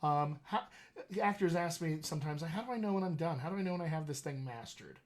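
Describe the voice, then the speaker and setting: A man hosting a live question-and-answer session as a dialect coach, speaking in a chatty, animated way and often laughing. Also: fairly high pitch, fast talker. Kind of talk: casual live-stream chat.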